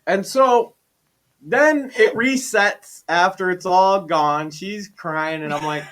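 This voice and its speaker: A man's voice: sits high, slow pace, slight background noise. A man on a podcast, casually retelling a gaming story and acting out his own lines. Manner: animated retelling, acts out his own quotes. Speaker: podcast guest.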